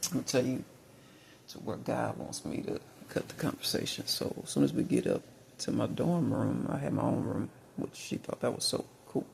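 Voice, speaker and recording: Man, rambling storytelling, very gravelly voice, lively pitch, faint hiss behind. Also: moderate pace. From Mississippi. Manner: rambling, many fillers and restarts. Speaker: vlogger.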